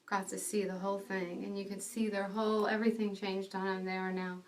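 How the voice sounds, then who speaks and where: A woman telling a personal faith testimony, in an earnest, animated storytelling manner. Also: medium pitch, a little fast, far from the mic. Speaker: ministry speaker.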